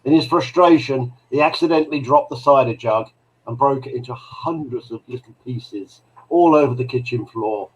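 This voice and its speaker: A man's voice: moderate pace, husky, poor audio. A man co-hosting a live drone chat show, reading out a Christmas joke as a story. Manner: storytelling, with a cheery high voice for the angel's lines. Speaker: co-host reading the weekly joke.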